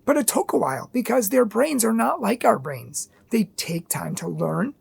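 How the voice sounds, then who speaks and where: A woman's voice: a little high, very animated, normal speed, gravelly, darkish tone, breathy edge. A woman hosting a video on parenting and faith, talking earnestly and emphatically, often stacking short repeated phrases. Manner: earnest, emphatic, repetitive lists. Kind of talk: direct-to-camera advice monologue.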